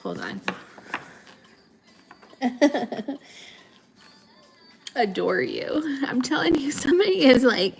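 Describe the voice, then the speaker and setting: Lively, gravelly tarot-reader woman. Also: high-pitched, slow pace, pauses often, a little hiss or hum. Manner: chatty, laughs often, playful voices for the audience; calls the audience kids, honey, guys. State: sniffly. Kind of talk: live tarot reading chat.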